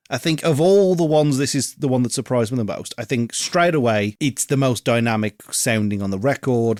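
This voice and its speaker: A man's voice: mid-range voice, a little mellow, no echo, clean studio sound. A man co-hosting a podcast, giving thoughtful casual opinions on an album, hedging with ums and restarts and swearing now and then. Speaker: podcast co-host. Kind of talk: casual music review chat.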